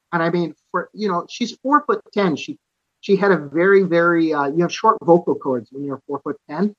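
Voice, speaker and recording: Male podcast guest from Canada, slightly high voice, earnest personal storyteller, dry and somewhat muffled sound. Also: a bit bright, no room sound. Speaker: podcast guest, author and musician.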